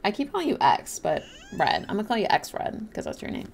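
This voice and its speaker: A woman's voice: mid-range voice, huge pitch swings, quick pace, vocal fry, husky. A young woman livestreaming a game, chatting casually and apologetically while reading and thanking her chat. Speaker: livestreaming gamer.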